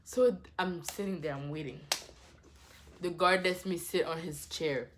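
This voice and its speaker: A young woman telling a dramatic personal story in a casual vlog, swinging from hushed asides to loud exclamations. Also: on the low side, unhurried, noisy background. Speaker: vlogger.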